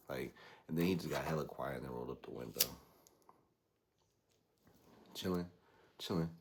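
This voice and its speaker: Brief: young male podcast host, very deep, husky-fried voice, casual storyteller who acts out quotes. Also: normal speed, pauses often, slight background noise. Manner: slangy, animated, quotes people in put-on voices.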